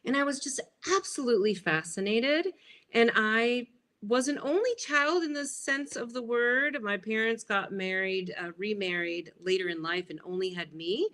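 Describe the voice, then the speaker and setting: A woman in her fifties, an interview guest, telling childhood stories in an animated way and acting out the voices in them. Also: mid-range voice, moderate pace. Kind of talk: storytelling interview.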